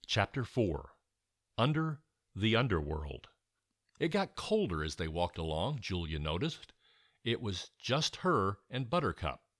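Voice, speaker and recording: Expressive male storyteller. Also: fairly low pitch, a little slow, no echo, clean studio sound. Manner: expressive, animated reading. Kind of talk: reading a children's story aloud.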